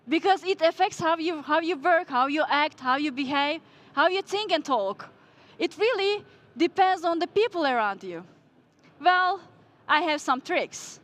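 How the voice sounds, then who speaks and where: A woman's voice: high voice, a bit bright. A woman giving a leadership talk at a conference, explaining ideas step by step and putting rhetorical questions to the audience in slightly non-native English. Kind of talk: conference presentation. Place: conference stage before an audience.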